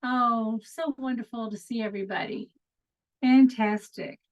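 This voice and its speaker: A woman's voice: a little high, steady tone, a little slow. A middle-aged woman from Texas with a Texan accent, hosting an upbeat, chatty online coaching call with easy fillers. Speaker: host. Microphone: video call. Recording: lo-fi video call audio.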